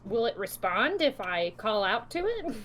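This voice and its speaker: A woman playing in a tabletop game, playful and quick to laugh. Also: a little high, sing-song, a bit bright, slight background noise. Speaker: player. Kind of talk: casual tabletop play.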